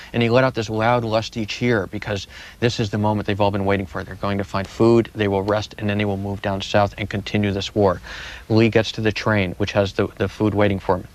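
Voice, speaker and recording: A man answering interview questions as a guest historian, telling history with vivid, dramatic repetition. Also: on the low side.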